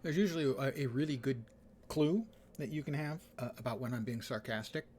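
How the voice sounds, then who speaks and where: A man's voice: medium pitch, a little fast, darkish tone, slight background noise. Dry, sarcastic male game streamer. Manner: dry, sarcastic, playful wordplay. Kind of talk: casual gameplay commentary.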